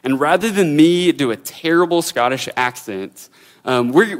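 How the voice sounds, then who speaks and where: A man preaching a sermon as a pastor, earnest and searching for words, often repeating himself. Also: mid-range voice.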